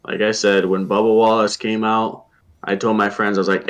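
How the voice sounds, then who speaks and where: A man's voice: on the low side, moderate pace. Casual man recounting a race trip. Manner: relaxed storytelling with fillers and quoted asides. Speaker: podcast guest. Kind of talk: casual podcast chat.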